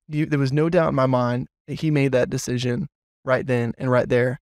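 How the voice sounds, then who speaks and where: Brief: pastor, male, animated anecdote-teller, podcast, dry sound. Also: mid-range voice, moderate pace, no echo. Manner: animated storyteller, lots of fillers. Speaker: children's pastor. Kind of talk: casual podcast chat.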